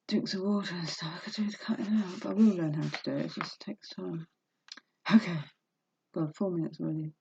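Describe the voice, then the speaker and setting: This vlogger's voice is lowish, mellow and husky, with vocal fry, as she reads from a self-help book in a room at home. Between readings she chats openly and emotionally, laughing and talking to herself, all picked up by a laptop webcam mic in dull lo-fi quality.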